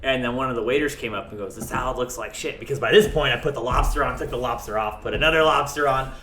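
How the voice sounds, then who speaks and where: A man's voice: mid-range voice, fast talker, sharp tone. A young adult man, a chef and restaurant owner, talking candidly and rambling in a casual interview, swearing freely. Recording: echoey room with faint noise.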